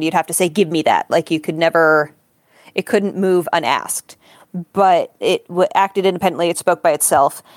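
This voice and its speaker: A woman's voice: fairly low pitch, no room sound. Chatty female podcast co-host, dry sound. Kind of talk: casual chat, storytelling.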